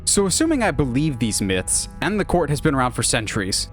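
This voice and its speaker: A man narrating a movie pitch in an enthusiastic, animated way. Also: a little fast, soft background music. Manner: animated, lively.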